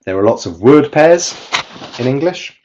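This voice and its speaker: A man's voice: mid-range voice, very animated, measured pace, a little mellow, lo-fi sound, a little hiss or hum. A man giving an online webinar presentation on teaching pronunciation, explaining step by step and chanting rhythm drills.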